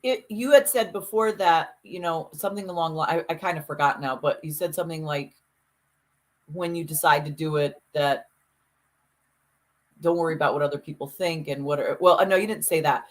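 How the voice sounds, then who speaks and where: Reflective woman podcast co-host, lower voice, feels her way through her points. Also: moderate pace. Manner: hesitant, restarts her thoughts. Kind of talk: casual podcast chat.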